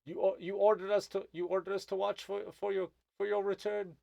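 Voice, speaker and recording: A man's voice: little pitch movement, fairly quick, gravelly, a little mellow, no echo. A man voicing a jittery male gnome sentry who groveling apologizes and uses British slang. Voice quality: squeaky high put-on voice.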